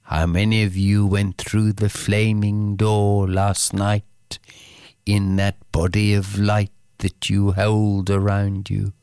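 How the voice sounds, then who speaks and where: Man, very slow poetry recitation, smooth resonant voice, dry close sound, dramatic whispers. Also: fairly low pitch, little pitch movement, darkish tone, no echo. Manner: intense, declamatory, with sudden whispered passages.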